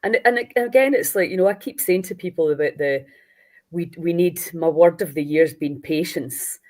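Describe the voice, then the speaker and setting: A woman's voice: lowish voice, normal speed, a little mellow. A woman hosting a casual conversation, earnest and repeating her points for emphasis. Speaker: host.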